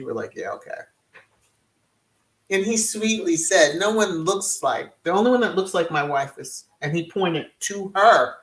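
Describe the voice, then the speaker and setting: A woman hosting casual live-stream commentary, answering chat in a sassy manner with chuckles and many hums and mm-hmms. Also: sits low. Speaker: host of a royal commentary channel.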